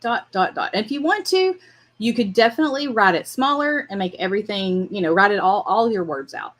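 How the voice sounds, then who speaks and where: Fairly quick and lively in intonation, a woman's mid-range voice carries a casual drawing livestream. The host is friendly and talkative, often laughing, and she chats with her dog as she sketches.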